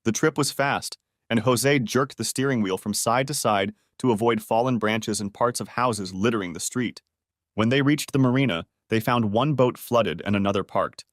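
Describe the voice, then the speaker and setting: A man narrating a family drama story in a steady, scripted storytelling voice. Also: medium pitch, normal speed, no echo, clean studio sound.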